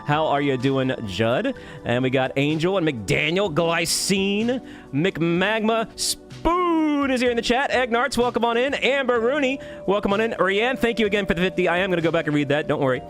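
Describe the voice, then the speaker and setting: A man streaming live, cheerfully greeting viewers by name and thanking them with quick laughs. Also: high voice, soft background music. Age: adult. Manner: upbeat, rapid shout-outs with laughs. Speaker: YouTube streamer.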